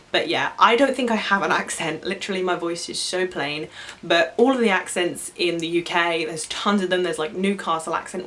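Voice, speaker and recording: A young English woman with a slightly low voice talks through viewer questions in a loose, chatty way. She gushes freely and keeps things casual and friendly. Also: a bit bright. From Suffolk, England. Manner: chatty and gushing. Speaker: vlogger answering viewer questions. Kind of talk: casual chat.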